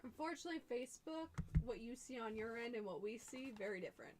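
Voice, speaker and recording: A woman co-hosting a live stream, adding relaxed side comments in casual chat. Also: fairly high pitch, quick pace, noisy background. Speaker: co-host.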